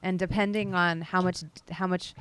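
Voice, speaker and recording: A woman narrating as game master of a tabletop game, chatty and relaxed, often stopping to say "like" and "um". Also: fairly low pitch, normal speed, a little hiss or hum.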